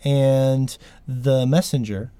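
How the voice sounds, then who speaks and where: A man hosts a casual podcast chat, emphatic and exasperated, with frequent swearing. His voice sits at a middle pitch. It is recorded dry and close, with almost no room sound. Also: fairly even intonation, slow pace, dark tone, clean tone, dry recording. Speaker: podcast host.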